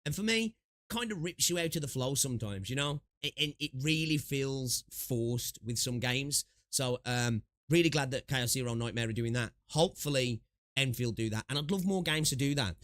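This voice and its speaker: A young man talks loosely on a gaming livestream, rambling, circling back and filling gaps with ums and rights. His voice sits at an ordinary middle pitch. It comes through a close desk mic with noise suppression, dry and free of room sound. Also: normal speed, fairly bright tone, no room sound. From United Kingdom. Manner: rambling, chatty, lots of fillers and asides. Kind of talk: casual livestream chat.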